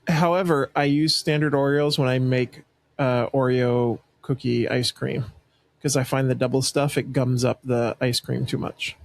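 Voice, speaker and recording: A man co-hosting a podcast, casually reading out questions and chatting in a relaxed way. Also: mid-range voice, normal speed, vocal fry, dry recording. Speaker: podcast co-host asking the questions. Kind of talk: casual chat.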